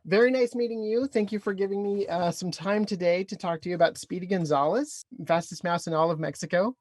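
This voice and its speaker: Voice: mid-range voice, fairly quick, no room sound. A podcast interviewer asking questions from a home closet over a video call, upbeat and chatty.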